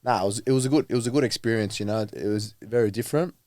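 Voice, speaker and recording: A man's voice: lowish voice, very fast, darkish tone, dry recording, studio quality. A young man, a rugby player guest on a podcast, talking in a laid-back, rambling way. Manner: laid-back, rambling, lots of fillers and laughs. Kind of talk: casual chat.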